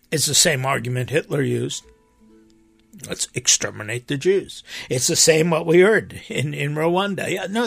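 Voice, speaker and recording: Earnest male preacher in casual talk, very gravelly and husky, dry sound with faint music behind. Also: medium pitch, dry recording. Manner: earnest, emphatic, with animated rises and quoted voices. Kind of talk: impassioned conversational talk.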